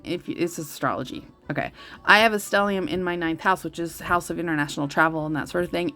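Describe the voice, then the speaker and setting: A woman in her thirties hosting a casual vlog, rambling with many fillers and restarts, gushing and easily moved. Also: fairly low pitch. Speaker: tarot channel host. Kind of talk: casual coloring-and-chat vlog.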